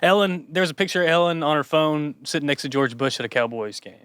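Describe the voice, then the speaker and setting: Male podcast host, quick and higher-voiced, easygoing interviewer, close dry recording. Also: fairly bright tone, smooth, dry recording. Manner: quick, agreeable, many yeahs.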